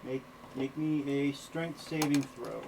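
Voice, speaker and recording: A man running a tabletop game as game master, laid-back and quick to laugh and swear. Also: medium pitch, fairly even intonation, vocal fry, noisy background.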